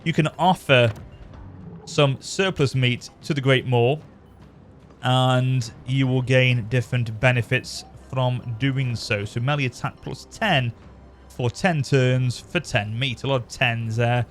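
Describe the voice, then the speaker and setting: A man's voice: medium pitch, slow pace. Man, gaming channel host, casual commentary, rambling, faint background music. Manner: chatty, rambling, self-correcting. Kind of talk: casual let's-play commentary.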